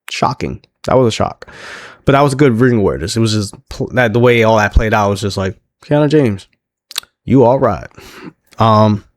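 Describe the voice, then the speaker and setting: A man's voice: lowish voice, dry recording. A man casually recapping a wrestling show on his own, chatty and laughing often as he acts out what the wrestlers said.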